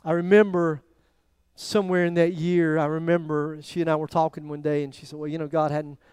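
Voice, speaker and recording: A man preaches with a high, light voice, telling a personal story. His delivery rises to loud emphasis and drops almost to a murmur. The sound is dry and close. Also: fairly quick, smooth, no room sound. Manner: animated storytelling, voice rising and dropping to near quiet. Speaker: pastor. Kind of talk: sermon.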